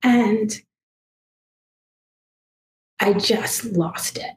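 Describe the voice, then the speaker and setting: Woman guest sharing a story, soft and halting, lots of ums, echoey room with a faint rumble. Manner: hesitant, halting, full of fillers and restarts; emotional, soft-spoken. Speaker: guest, past life regression therapist. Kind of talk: casual personal storytelling.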